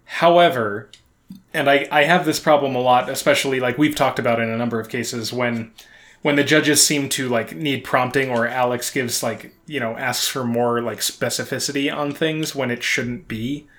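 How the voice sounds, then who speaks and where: Podcast co-host, man, dry wit, halting delivery with restarts. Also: medium pitch, fairly even intonation, fairly bright tone. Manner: wry, dry sarcasm with many restarts. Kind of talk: casual podcast chat.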